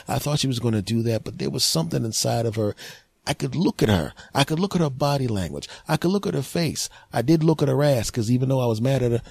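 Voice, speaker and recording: A man hosting a solo comedy podcast, telling stories in an animated, mock-outraged way and jumping into quick put-on voices. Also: mid-range voice, creaky, breathy edge, no room sound. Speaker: podcast host.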